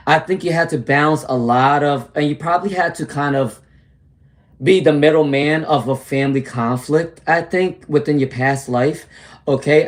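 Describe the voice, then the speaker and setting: Man livestream tarot reader, mid-pitched, slangy and candid, chats straight to his viewers. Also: darkish tone. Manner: casual, chatty, addresses viewers by name; slangy, candid, speaks in repeated phrases.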